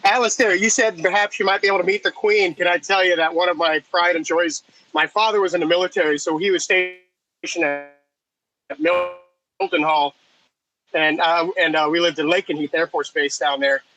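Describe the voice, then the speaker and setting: A man's voice: high voice, steady tone, normal speed, bright, forceful tone, low-quality recording. A man chatting casually as a podcast guest, telling eager, rambling anecdotes. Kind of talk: casual chat.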